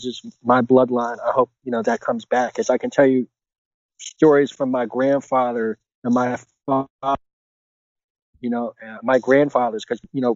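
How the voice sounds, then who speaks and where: A man's voice: medium pitch, a little mellow, no echo, dull audio. A middle-aged man speaking earnestly and casually as a podcast guest, rambling with many filler phrases. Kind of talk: casual conversational interview.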